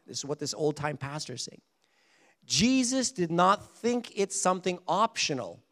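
A man preaching a sermon, asking his listeners questions and slowing down hard on the words he wants to stress. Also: a little high, in a large hall. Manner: animated preaching, rhetorical questions, slows for emphasis. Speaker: pastor.

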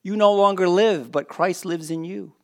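Man preaching a lively sermon. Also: high voice, normal speed. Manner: conversational preaching, jokes with the congregation. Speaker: pastor.

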